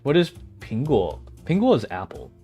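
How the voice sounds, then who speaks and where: A man chats loosely with his stream audience, drifting from one thought to the next and laughing along the way. His pitch moves around a lot as he talks, and faint music plays behind him. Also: wildly swooping pitch, normal speed, dark tone, breathy edge. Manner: rambling, easily distracted, laughs often. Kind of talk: casual chat with livestream viewers.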